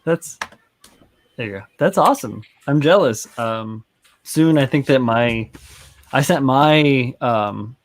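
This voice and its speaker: A man's voice: mid-range voice, lively intonation, measured pace. A man co-hosting a casual hobby stream, laid-back and upbeat, with casual swearing. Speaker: stream co-host. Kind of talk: casual chat.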